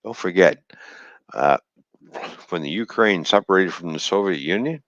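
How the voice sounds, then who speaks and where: Stream host, deep male voice, bitter profane rant, dry and muffled recording. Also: lively intonation, moderate pace, a bit bright, no echo. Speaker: livestream host. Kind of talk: angry livestream rant.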